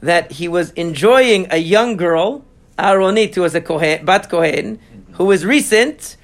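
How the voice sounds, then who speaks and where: High-voiced man explaining Talmud. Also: animated. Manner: reads Aramaic aloud then translates and explains; halting, with many fillers and restarts. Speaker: Talmud teacher. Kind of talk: casual study session.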